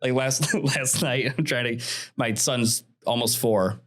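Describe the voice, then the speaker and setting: A man in his thirties hosting a podcast, chatty and animated, telling stories and laughing often. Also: medium pitch, unhurried. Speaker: podcast host. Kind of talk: casual interview chat.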